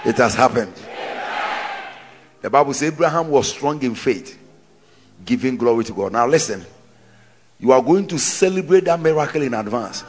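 A male pastor leading a congregation in fervent prayer, chanting repeated phrases and rising into shouts. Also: mid-range voice, lively intonation, normal speed, long pauses, some chatter behind, a little hiss or hum. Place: church service.

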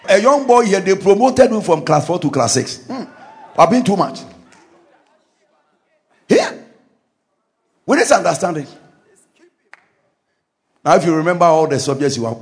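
Man, pastor, fervent charismatic sermon, high voice, swooping animated delivery. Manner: fervent, shouting declarations and decrees.

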